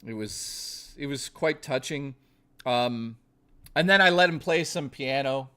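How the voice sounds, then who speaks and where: A man's voice: mid-range voice, slow, bright, forceful tone, clean tone. A man livestreaming, chatting casually to his viewers in a rambling, profane, joking way, full of restarts. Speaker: livestreamer talking to chat.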